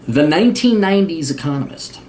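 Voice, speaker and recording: A man's voice: fairly high pitch, lively intonation, a little fast, darkish tone, a little hiss or hum. A man hosting a video monologue, talking bluntly and sardonically, with profanity. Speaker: host. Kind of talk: opinionated monologue.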